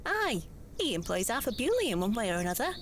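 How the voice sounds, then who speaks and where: A woman's voice: fairly high pitch, very animated, fast, a little hiss or hum. An actress playing a worried young servant girl in an adventure game, speaking politely. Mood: anxious. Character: young servant girl waiting for milk, anxious.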